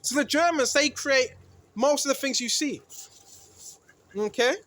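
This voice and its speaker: A man with a very high voice preaches through scripture, firing rhetorical questions at his listeners. He keeps checking in with "right?" and climbs higher and louder when he hits a point hard. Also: a little slow. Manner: rises in pitch and volume when emphatic. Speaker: street preacher. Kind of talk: bible teaching sermon.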